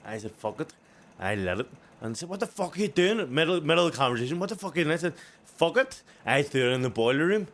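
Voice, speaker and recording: A young man with a Belfast accent, co-hosting a podcast and telling profane stories in an animated way, laughing often. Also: a little high, quick pace. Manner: animated, profane storytelling that keeps breaking into laughter. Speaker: co-host. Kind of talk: casual podcast chat.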